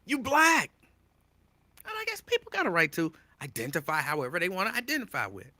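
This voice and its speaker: Talking fast in a slightly high voice, this male host gives his listeners his opinions head-on, calling them "y'all." He is emphatic and animated and repeats what he says. The recording has no room sound.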